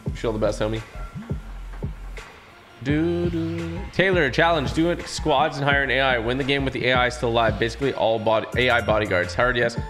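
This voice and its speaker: A man live-streaming a game, chatting casually and reading out viewer shout-outs in quick upbeat bursts, with a sore throat. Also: mid-range voice, music in the background.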